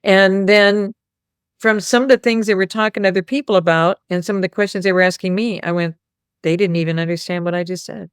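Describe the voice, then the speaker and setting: Smooth-voiced woman telling a rambling story. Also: medium pitch, fairly even intonation, brisk, dry recording, studio quality. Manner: rambling storytelling, quoting God and others. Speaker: host. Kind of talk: casual spiritual talk to a small group.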